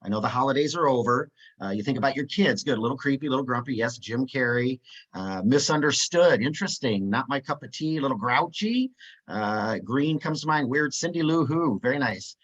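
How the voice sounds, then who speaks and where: A man leads a live webinar in an upbeat, chatty way, sprinkling his talk with filler sounds as he reads out replies. His voice sits at a middling pitch. The call audio comes through dull and lo-fi. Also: animated, a little fast, a bit bright. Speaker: webinar presenter.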